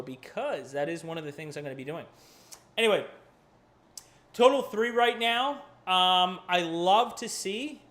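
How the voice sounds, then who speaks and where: Hosting his channel's live crypto chart show, a market analyst speaks in a high, fairly bright male voice. His commentary is casual, peppered with profanity, restarted sentences, and wandering asides.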